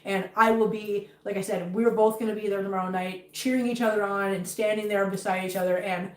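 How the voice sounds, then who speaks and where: A woman with a medium-pitched, fairly even voice speaks fairly quickly. She's a livestream host broadcasting casually from her home kitchen, chatty and emotional, cooing baby talk at her cats between chats with viewers. The room gives a roomy echo and her voice sounds far off.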